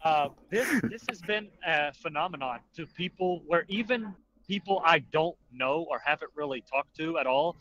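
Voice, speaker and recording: A man's voice: a little high, moderate pace, hardly any pauses, a bit bright, a little hiss or hum. A man from the Carolinas with a mild Southern accent, a podcast guest rambling through exasperated stories with frequent laughs. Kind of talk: casual chat. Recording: dull lo-fi voice chat audio.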